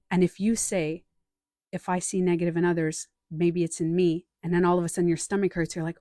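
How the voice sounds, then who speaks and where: A woman hosting a casual live stream as a life coach. She talks in an animated way, acts out other people's voices and repeats short phrases for emphasis. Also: fairly low pitch, fairly quick, no room sound, studio quality.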